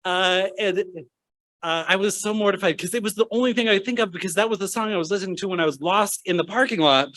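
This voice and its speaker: A man's voice: high voice, racing, hardly any pauses, a bit bright. A young man giving a humorous storytelling speech at a medical school ceremony, acting out voices from his anecdotes.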